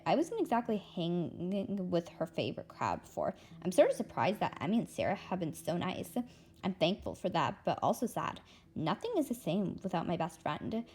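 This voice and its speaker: A read-aloud narrator with a lowish, slightly mellow voice reads a middle-grade novel. She tells it expressively in the first person, as a young girl.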